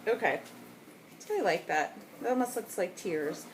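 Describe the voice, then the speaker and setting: A woman's voice: mid-range voice, lively intonation, moderate pace, noisy background. Chatty woman rambling on tangents. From United States. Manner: chatty, goes off on tangents, laughs often. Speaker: scrapbooking vlogger. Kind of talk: rambling casual chat.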